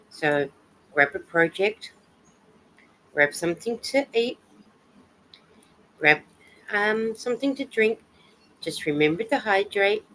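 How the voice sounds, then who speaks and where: A woman hosting a casual live chat from home while she knits, greeting viewers by name, reading their comments aloud, and adding soft sympathetic asides. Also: on the low side, slight background noise, low-quality recording. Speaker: livestream host.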